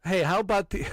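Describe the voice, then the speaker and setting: A man hosting a gaming channel, loudly swapping stories with friends and breaking into frequent laughter and exclamations. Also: medium pitch. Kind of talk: casual chat with friends.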